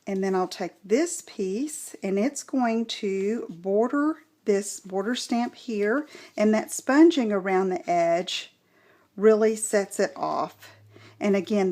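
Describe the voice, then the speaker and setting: A middle-aged woman hosts a crafting tutorial, speaking at a notably slow, unhurried pace. Her delivery is gentle and explanatory, walking through each step as she works. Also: mid-range voice.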